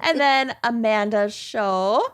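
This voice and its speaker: A woman's voice: fairly high pitch, takes it slowly, smooth. A woman with a Minnesotan accent co-hosting a podcast in casual chat, bubbly and laughing often. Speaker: podcast co-host.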